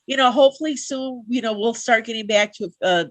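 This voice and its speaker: A woman's voice: a little high, a little fast, no echo. A woman hosting a live interview show, heartfelt and chatty, with many fillers. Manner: heartfelt, lots of fillers and restarts. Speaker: talk show host.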